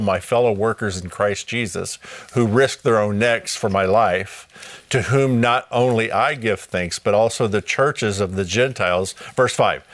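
Middle-aged guy hosting a church bible study show, low voice, dry close sound, upbeat and welcoming. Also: fairly bright tone, no room sound. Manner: upbeat, welcoming, repeats phone numbers slowly. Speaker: host of a live Bible study broadcast. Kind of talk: live broadcast church talk, reading scripture.

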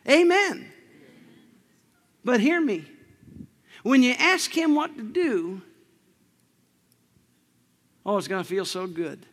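A man's voice: high-pitched, big pitch swings, slow, pauses often. A man preaching a sermon in a playful, joking way, laughing often and calling on the congregation to repeat after him. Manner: emphatic call-and-response delivery.

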